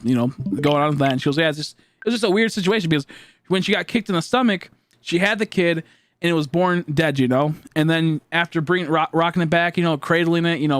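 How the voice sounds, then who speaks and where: A man streaming late at night, telling a long story in a rambling, casual way, his voice jumping high when he retells what people said. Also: smooth, no room sound, studio quality. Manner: rambling, animated, voice jumps high in retold dialogue.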